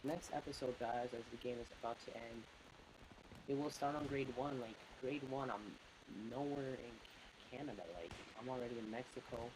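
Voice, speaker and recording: A man's voice: medium pitch, fairly even intonation, moderate pace, background noise. A young man telling a childhood story in a rambling, casual way while commenting over gameplay. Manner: rambling, full of "like" fillers. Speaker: gaming commentator. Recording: loud game gunfire behind voice. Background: game gunfire.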